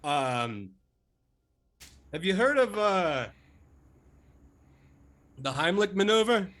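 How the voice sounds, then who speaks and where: A man's voice: high-pitched, sing-song, takes it slowly, fairly bright tone. A man speaking in character as a player in a tabletop game, with a dry, hesitant manner.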